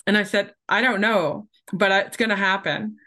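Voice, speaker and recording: A woman's voice: mid-range voice, fairly even intonation, moderate pace, pushed and bright. A woman in her forties, a keynote speaker and podcast guest, telling her life story animatedly and acting out the dialogue.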